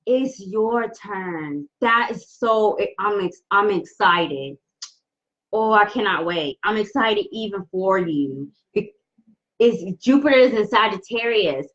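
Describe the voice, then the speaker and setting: A woman giving a live tarot reading, talking slowly with many restarts as she holds back tears. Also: mid-range voice, lively intonation, highs cut off. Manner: warm, emotional, halting with many restarts. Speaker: tarot reader. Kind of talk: live-stream card reading.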